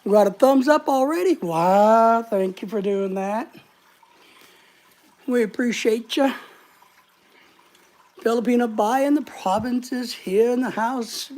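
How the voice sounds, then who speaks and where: A woman's voice: a little high, takes it slowly, pauses often, darkish tone. Breathless woman hosting a casual live stream. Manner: rambling, greets viewers by name. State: short of breath.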